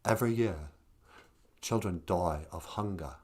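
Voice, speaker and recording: Man impersonating an English rock star, hushed, passive, low-pitched, very slow, aloof. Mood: hushed cool. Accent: English, put on. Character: famous English male rock star, cool, quiet, aloof.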